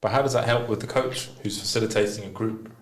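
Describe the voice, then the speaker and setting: A low-pitched man hosts a candid personal conversation. He talks openly and frankly, with casual swearing throughout. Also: fairly even intonation, fast. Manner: open and frank, swears freely. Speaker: podcast host.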